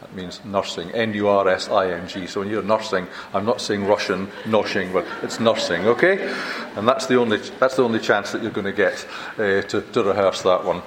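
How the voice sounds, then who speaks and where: An older Scottish man gives a conference lecture in a roomy, echoing hall with a faint hum of ambience behind him. His voice sits a little low, and he talks in a chatty, self-deprecating way, often stumbling and restarting his sentences. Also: fairly even intonation, fairly quick, a bit bright. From Scotland. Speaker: visiting university lecturer. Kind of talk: conference keynote talk.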